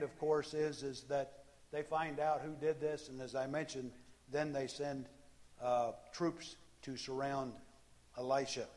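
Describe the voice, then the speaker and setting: A man preaching a sermon, speaking earnestly with frequent restarts and fillers, acting out the cries of the people he quotes. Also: on the high side. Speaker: pastor.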